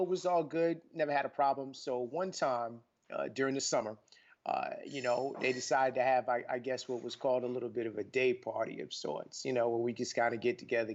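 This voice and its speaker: A man hosting a podcast, telling a personal story in a rambling, casual way full of fillers, getting animated as it goes. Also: medium pitch, highs cut off. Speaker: podcast host.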